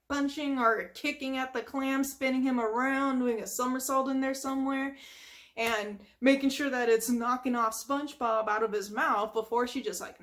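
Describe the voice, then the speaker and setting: A woman's voice: fairly high pitch, a bit bright. A woman casually retelling a cartoon episode from memory, chatty, with lots of "like" and sound effects. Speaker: storyteller.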